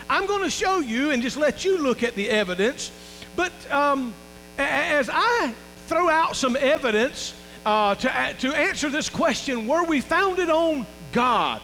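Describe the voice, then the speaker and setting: A man's voice: very high voice, sharp tone, a little hiss or hum. Preaching man in a reverberant church. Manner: folksy preaching, calls for amens, restarts and fillers. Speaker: lead pastor. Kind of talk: sermon. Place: church sanctuary.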